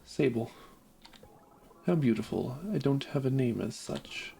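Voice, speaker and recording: A man reading the lines of a gentle, cooing, motherly female creature queen in a game. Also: medium pitch, measured pace, vocal fry, slight background noise.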